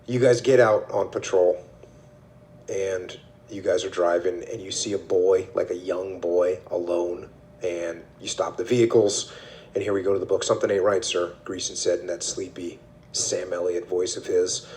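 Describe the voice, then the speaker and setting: Deep, flat-voiced male host. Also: normal speed. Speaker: podcast host. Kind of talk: reading a book excerpt aloud and discussing it.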